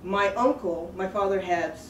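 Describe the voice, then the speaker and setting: A woman's voice: mid-range voice, unhurried. A woman telling a personal story in a chatty, digressive way, laughing at herself as she goes. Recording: roomy sound from a distant mic with faint background noise.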